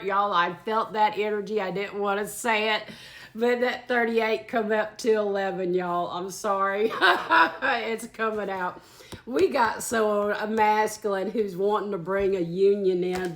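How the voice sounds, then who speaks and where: A woman's voice: medium pitch, fairly bright tone. A woman giving a casual channeled tarot reading, chatty and earthy, swearing freely and calling listeners y'all and darling. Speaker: tarot reader.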